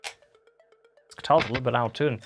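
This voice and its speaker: A woman's voice: a bass voice, moderate pace, gravelly, over music. A woman live-streaming from a home room, chatting casually and reading viewer comments aloud as she answers them.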